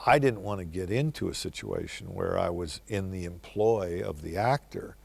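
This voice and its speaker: A man's voice: low voice, normal speed, gravelly, darkish tone, breathy edge. An older man, a film director, telling wry, reflective stories in answer to interview questions.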